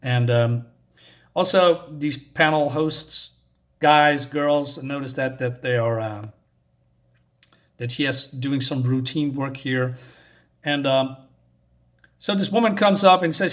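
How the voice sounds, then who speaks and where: A man's voice: medium pitch, slow pace, long pauses, fairly bright tone. A man casually reviewing a comic book, rambling with fillers and restarts, chuckling now and then.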